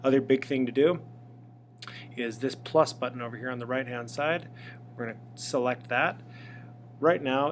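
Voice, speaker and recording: A man giving a relaxed, step-by-step software tutorial, recorded on a tablet's built-in microphone. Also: medium pitch, a little hiss or hum. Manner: relaxed, step-by-step explaining with fillers. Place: indoors in front of a tablet. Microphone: iPad microphone.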